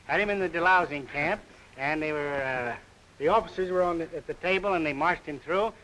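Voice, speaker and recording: A man's voice: a little high, a little fast, bright, forceful tone, rough recording. A man from New York, an actor answering interview questions in a modest, joking way and telling a story. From New York City. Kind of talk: casual interview.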